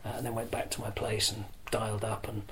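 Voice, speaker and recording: An older man, a former broadcaster being interviewed, telling self-deprecating stories in a chatty, lively way. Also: fairly low pitch, quick pace, slight background noise, poor audio. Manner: lively storyteller who acts out crowd shouts. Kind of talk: anecdotal interview storytelling.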